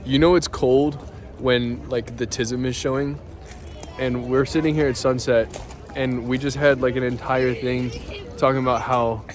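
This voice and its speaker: A young man, one of a group of friends, tells a story in a loose, relaxed way, full of filler words. His voice sits in a middle male range. He is chatting outdoors at a lookout. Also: mid-range voice, a little slow, a little hiss or hum. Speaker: friend on the trip. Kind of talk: casual chat.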